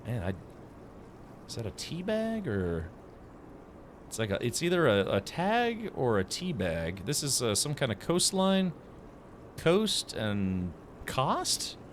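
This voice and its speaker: A man's voice: medium pitch, wildly swooping pitch, slow pace, long pauses, slight background noise. A man streaming a video game, chatting casually with his viewers in a sarcastic, joking way. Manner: sarcastic, chatty, laughs at his own jokes; talks to chat. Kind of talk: casual live-stream chat while playing.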